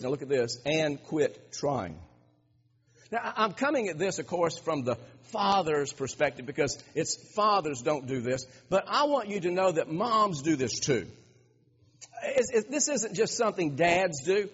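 A man's voice: fairly high pitch, lively intonation, moderate pace, husky. A man preaching a sermon to his congregation, emphatic, often repeating words and restarting his phrases. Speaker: pastor. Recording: dull lo-fi recording with long hall reverb.

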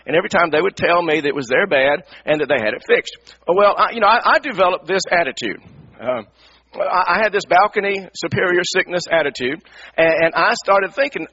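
Husky-voiced pastor telling a story. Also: male voice, high-pitched. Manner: animated, repeats words, acts out his own anger. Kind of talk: sermon storytelling. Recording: dull lo-fi radio broadcast.

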